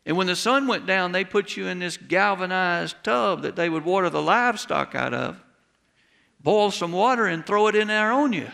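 A middle-aged pastor preaches a sermon in a homespun, storytelling way, now and then building to emphatic cries. His voice sits a little high with a gravelly grain. It rings out with the long reverb of a church hall. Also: animated, normal speed, sharp tone. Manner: folksy storytelling, rising to emphatic exclamations.

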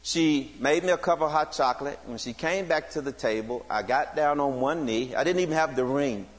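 Middle-aged guy telling a funny church testimony, kinda high voice, big echoey hall. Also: normal speed. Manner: animated, acts out quoted voices. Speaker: church speaker giving testimony. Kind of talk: humorous storytelling testimony.

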